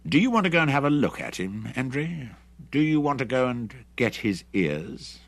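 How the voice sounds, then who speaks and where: A man's voice: medium pitch, very animated, normal speed, creaky, no room sound, voice pushed up. A man voicing a blunt male mercenary commander who talks curt and commanding.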